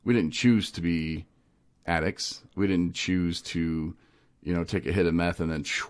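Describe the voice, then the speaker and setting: A man with a very low, deep voice hosts a casual podcast. He tells stories in an animated, lively way, laughs often and slips into other voices as he goes. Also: unhurried. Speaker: podcast host. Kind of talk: casual recovery podcast chat.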